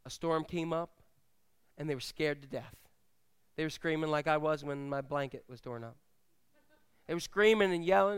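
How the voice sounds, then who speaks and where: A man's voice: on the high side, a little fast, clear, resonant tone. A male pastor preaching a sermon at a church service, telling stories animatedly and acting out the voices of the people he quotes.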